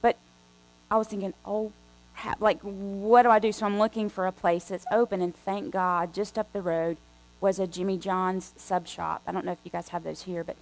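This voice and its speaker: A woman guest preacher telling a story in a conversational, animated way from the pulpit. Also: on the low side, normal speed, faint music behind, poor audio. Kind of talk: storytelling sermon. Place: church sanctuary.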